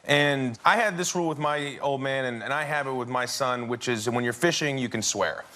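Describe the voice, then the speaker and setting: A man's voice: medium pitch, normal speed, pushed and bright. A man in his forties, a guest on a talk show, telling an anecdote with frequent laughter in casual chat. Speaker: guest, film actor. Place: television studio with audience. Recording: crowd and studio noise.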